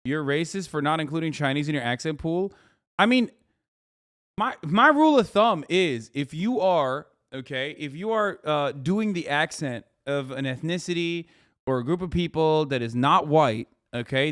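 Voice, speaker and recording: Male streamer host, profane and animated, slightly higher voice. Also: moderate pace, no room sound, clean studio sound. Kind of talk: casual reaction chat.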